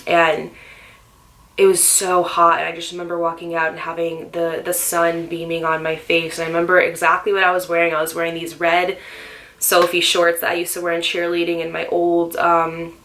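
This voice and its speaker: A young woman in her twenties tells her own story straight to the camera, candid and emotional, with plenty of "like" and "um". Her voice sits a little low but sounds bright and clear. It is an intimate, personal vlog storytime. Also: completely flat delivery, moderate pace, a little hiss or hum. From Northeastern US. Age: 20s. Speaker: vlogger.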